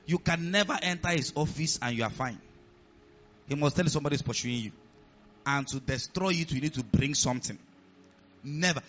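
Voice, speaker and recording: A man with a Nigerian accent preaching a sermon as pastor, animated and laughing between points. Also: fairly high pitch, lo-fi sound.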